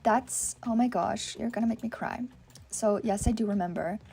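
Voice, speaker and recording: A young woman hosting a gaming channel, chatting excitedly and reacting to viewer submissions with lots of "oh my gosh". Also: fairly high pitch, normal speed, creaky, slightly rough. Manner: reads viewer submissions aloud and reacts to them. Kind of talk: casual gaming commentary.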